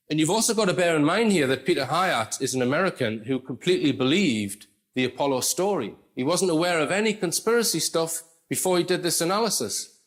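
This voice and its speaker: A man's voice: medium pitch, fairly bright tone. A man presenting a lecture-style commentary, explaining step by step in a conversational way. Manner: conversational, explains step by step, frequent "okay" and "right".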